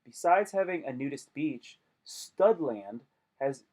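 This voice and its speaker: A man's voice: medium pitch, moderate pace. A young man chatting casually on a live stream, joking and rambling with lots of slang.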